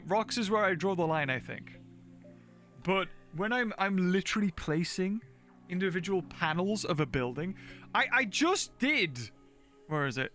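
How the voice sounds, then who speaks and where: Sitting high and bright, this man's voice carries a forceful tone. He's a game streamer doing casual livestream commentary on his gameplay, chatting, thinking aloud, laughing frequently and talking with his chat.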